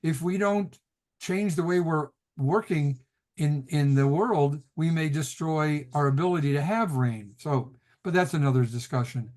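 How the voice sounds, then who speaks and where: Chatty middle-aged rabbi teaching over a call. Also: male voice, fairly high pitch, measured pace, darkish tone. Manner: chatty storyteller, laughs often, restarts sentences. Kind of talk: casual lecture on a video call. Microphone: video call.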